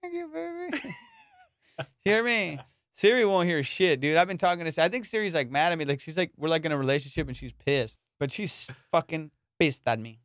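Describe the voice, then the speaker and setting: A man's voice: fairly high pitch, fairly quick, a bit bright, dry recording, clean studio sound. A man hosting a comedy podcast in crude, slangy casual chat, often slipping into put-on voices. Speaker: podcast host.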